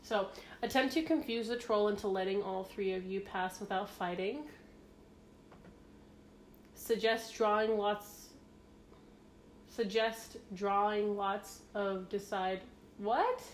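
A woman's voice: mid-range voice, slow, long pauses, slight background noise. A young woman co-hosting a casual podcast, reading quiz questions aloud with playful, giggly asides. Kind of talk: casual chat.

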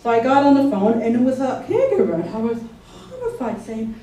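A woman's voice: fairly high pitch, animated, quick pace, warm tone. A woman telling a personal story to an audience in a conversational way, often checking in with her listeners. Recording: echoey room from far off, faint noise.

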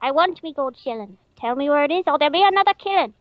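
A woman's voice: high voice, animated, quick pace, no echo, muffled recording. A woman voicing a greedy, menacing male leprechaun, delivering a rhyming limerick in a sing-song way.

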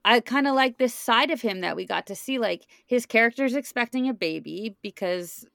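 A woman's voice: a little high, lively intonation, moderate pace, gravelly, fairly bright tone, no echo, clean studio sound. A woman co-hosting a podcast in casual chat, leading the episode recap and laughing often. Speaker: podcast co-host.

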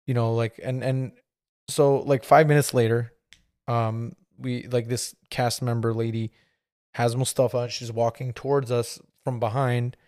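At a measured pace, a man in his thirties hosting a podcast delivers a loose, filler-laden story, laughing now and then. His medium-pitched voice is flat in delivery and a little mellow. Clean studio sound, no room sound.

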